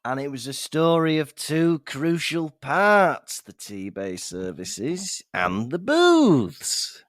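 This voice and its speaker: Slow-talking man reacting with laughs. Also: fairly high pitch, very animated, dry recording, clean studio sound. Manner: laughs along, reacts with short remarks. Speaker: podcast co-host. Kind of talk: casual chat.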